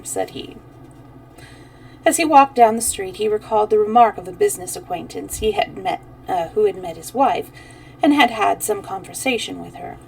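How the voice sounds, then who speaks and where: A woman's voice: medium pitch, creaky, darkish tone, slight background noise. Woman storyteller, reading aloud, corrects her slips, slightly distant mic. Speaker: storyteller streamer.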